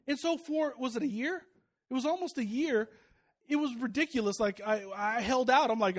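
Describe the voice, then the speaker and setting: A man in his thirties preaching a sermon, animated and joking, swinging between loud punchy lines and quiet drops. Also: extremely high pitch, fast talker. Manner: animated, joking asides, rising and dropping volume. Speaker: pastor.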